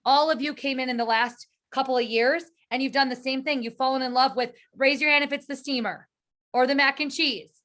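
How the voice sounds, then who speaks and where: A fairly high-pitched woman gives an eager motivational talk to her sales team over a video call. She speaks earnestly, repeating words as she restarts her sentences. The sound is that of a home call mic. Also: steady tone, a little fast, fairly bright tone. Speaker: direct sales team leader.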